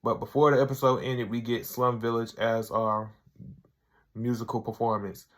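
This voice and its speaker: A man's voice: medium pitch, level tone, moderate pace. A man hosting his own video review channel, walking through a comedy episode in a loose, chatty way. He fills his retelling with "like" and "he's like" and keeps an everyday speaking voice. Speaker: show reviewer, channel host.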